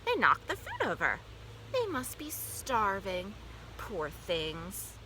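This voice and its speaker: A woman's voice: medium pitch, wildly swooping pitch, slow pace, pushed and bright, slight background noise, exaggerated voice. A woman reading aloud, voicing a kindly woman teacher who frets over her class pets. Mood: sympathetic. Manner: alarmed, fussing exclamations.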